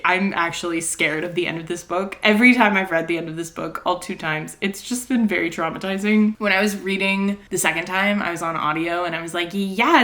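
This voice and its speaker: A woman's voice: on the low side, fairly bright tone. A young woman in casual vlog chat about a book series. She thinks aloud with many likes and ums, and she turns emotional and dramatic. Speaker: book vlogger.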